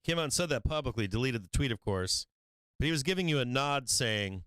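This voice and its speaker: A man's voice: medium pitch, big pitch swings, brisk, a bit bright, smooth, no echo. A man hosting a livestream market show, talking trading in a brash, profane, rambling way and laughing often. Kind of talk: casual livestream trading talk. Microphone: studio microphone.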